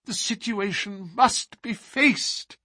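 A man's voice: high voice, very animated, normal speed, sharp tone, breathy edge, no echo, studio quality, voice pushed up, heavily acted. A man voicing a fussy, agitated older college tutor who pleads and frets. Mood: dismayed. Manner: flustered, pleading.

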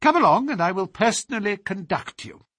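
A man's voice: high voice, big pitch swings, brisk, a bit bright, husky, no echo, voice pushed up, heavily acted. A man voicing a fussy, agitated older college tutor who pleads and frets. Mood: polite. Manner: flustered, pleading.

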